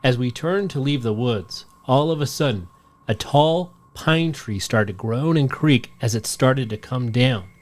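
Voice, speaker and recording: Male podcast co-host, mid-pitched, steady storytelling read of a listener tale. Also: measured pace. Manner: steady storytelling read, shouts out the quoted lines. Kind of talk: reading a listener story aloud.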